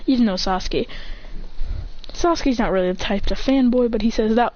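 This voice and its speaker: A woman's voice: brisk, darkish tone. A woman telling an improvised fan story, acting out the characters' lines in between. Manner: rambling, acts out lines, jumps in pitch. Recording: dull lo-fi home recording with faint hiss.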